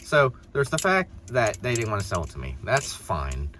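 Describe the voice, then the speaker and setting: A man's voice: on the low side, huge pitch swings, moderate pace, a bit bright. Rambling young man telling a story. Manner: rambling, many restarts and fillers, exasperated. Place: in a car. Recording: noisy background.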